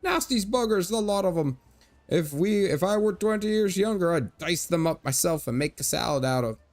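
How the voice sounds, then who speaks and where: Aging, boastful stage-Irish trader, voiced by a man, raised and lively, hearty. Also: sits high, moderate pace, no room sound, pitched above the performer's own voice. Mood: blustering jolly. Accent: put-on stage Irish. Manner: hearty, blustering, old-fashioned phrasing. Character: aging jolly male merchant, boastful, fussy. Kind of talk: reading game dialogue aloud.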